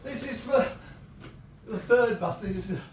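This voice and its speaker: A man's voice: high-pitched, unhurried, over loud music. A man singing comic songs at a pub comedy night, stumbling and self-deprecating between numbers. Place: small pub room. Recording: echoey room, mic far off. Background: ukulele strumming.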